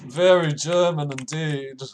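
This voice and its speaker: A man's voice: fairly even intonation, takes it slowly, background noise. A young man with a New Zealand accent chatting casually on a live stream, reading messages aloud, laughing often and stumbling over restarts. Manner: laughs often, stumbling restarts, reacts with sudden high exclamations.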